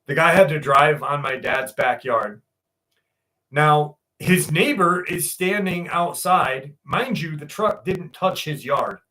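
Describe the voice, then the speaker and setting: A man's voice: fairly high pitch, takes it slowly, pushed and bright, low-quality recording. A man hosting a podcast, telling rambling, profane anecdotes full of fillers and reading a listener's story aloud. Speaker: podcast host.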